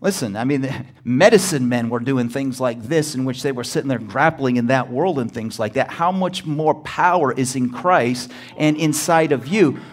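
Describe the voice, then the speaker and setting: A male pastor preaching a sermon, emphatic and often rising to near-shouted exclamations, calling out to the congregation for a response. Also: mid-range voice, normal speed, few pauses.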